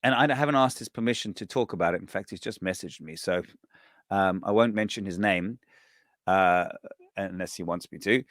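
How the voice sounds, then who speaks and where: A man hosting a podcast, telling a story in a casual, animated way, swearing and acting out what people said. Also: sits low, moderate pace, dry recording, studio quality. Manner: animated, swearing, acts out quoted voices. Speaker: podcast host.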